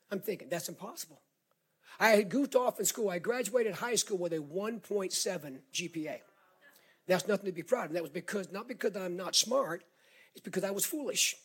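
A middle-aged male pastor with a Southern accent, preaching a sermon as an animated storyteller who repeats words and builds to shouts. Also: high-pitched, breathy edge.

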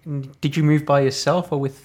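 A woman's voice: low voice, fairly even intonation, a little fast, a little mellow, breathy edge. A woman with an Australian accent hosting an interview, asking questions in a playful, teasing way. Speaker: host. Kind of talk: casual interview chat.

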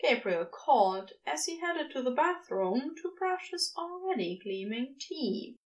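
Expressive woman narrating a story. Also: sits high, measured pace, lo-fi sound. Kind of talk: scripted narration.

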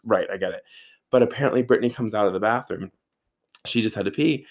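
A man in his thirties telling a casual, animated story, swearing freely and saying "like" a lot. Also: lowish voice, fast. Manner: animated, profane, filler-heavy with frequent "like".

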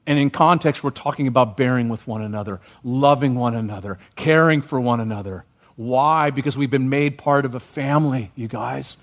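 A man's voice: medium pitch, moderate pace. A man preaching a sermon as pastor, often checking in with the congregation with questions. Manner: asks the congregation questions, rising when stirred.

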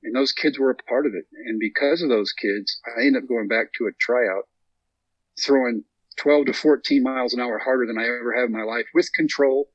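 A man in his thirties from Texas, a guest in a storytelling interview, tells a long story and animatedly acts out what people said. His mid-range voice is fairly quick with a breathy edge, and the recording is muffled but has no echo.

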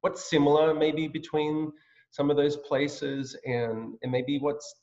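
A man's voice: fairly high pitch, flat delivery, a little mellow. Male host from Australia, friendly, hesitant delivery, slightly muffled video-call audio. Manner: friendly, halting with fillers. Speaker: pastor hosting an interview series. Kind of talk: casual video-call interview.

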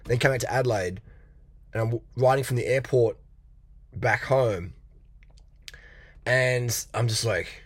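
A man's voice: mid-range voice, unhurried, pauses often, husky, no room sound. A middle-aged man giving a blunt, profane motivational rant as a coach, mocking and laughing often. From Australia.

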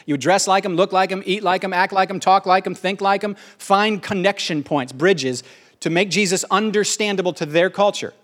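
A middle-aged man delivers a sermon in a quick, animated way. His voice sits fairly high for a man, and he often breaks into playful asides. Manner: animated, fast-talking, jokey asides. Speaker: pastor.

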